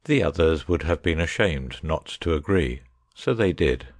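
A man reading a children's story aloud in measured narration. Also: extremely low pitch, animated, dry recording, studio quality. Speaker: audiobook narrator. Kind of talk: scripted narration.

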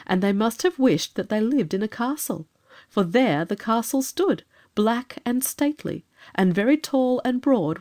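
A woman reading a children's storybook in a calm, measured, expressive manner. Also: medium pitch. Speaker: narrator.

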